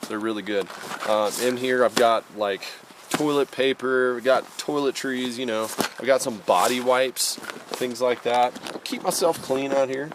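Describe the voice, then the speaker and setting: A man's voice: mid-range voice, fairly even intonation, unhurried, noisy background. A man vlogging casually from a mountain campsite, easygoing and folksy, a little out of breath from the altitude. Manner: easygoing, folksy, says y'all. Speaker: outdoor vlogger. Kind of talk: casual camping vlog.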